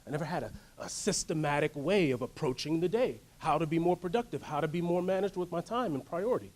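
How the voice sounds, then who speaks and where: A man giving a motivational workshop talk, telling a story in an animated way and asking the audience to join in. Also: on the high side, fast. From United States. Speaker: workshop speaker. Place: workshop room.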